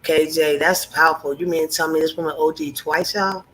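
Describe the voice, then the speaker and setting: A woman's voice: sits low, fairly even intonation, brisk, a little hiss or hum, low-quality recording. A woman hosting a livestream, giving heated, blunt commentary full of profanity and preaching to her chat viewers. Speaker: livestream host.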